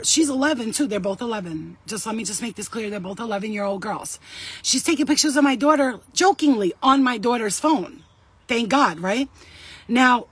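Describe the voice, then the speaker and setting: A woman's voice: fairly high pitch, breathy edge, dry recording. A woman in her thirties, sweaty and shaken, giving an urgent, blunt and profane talk to camera as a vlogger.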